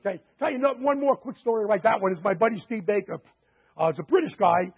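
A man pitching a membership through chatty anecdotes full of quoted dialogue and fillers, in a dull lo-fi recording. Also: lively intonation, very fast, husky. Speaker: sales presenter. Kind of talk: sales pitch storytelling.

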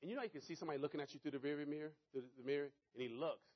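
A man with a notably high voice delivers a motivational sales talk, coaching his listeners directly. He tells his stories animatedly and leans on repeated catchphrases. The recording is dull and lo-fi. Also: very fast. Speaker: network marketing speaker.

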